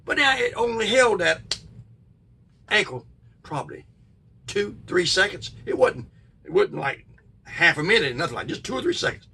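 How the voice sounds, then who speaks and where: A middle-aged man, telling a childhood ghost story in a folksy, drawn-out way with sudden bursts. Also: high-pitched, very animated, bright, forceful tone, recorded from a distance. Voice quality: gravelly, husky. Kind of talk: casual spoken ghost story.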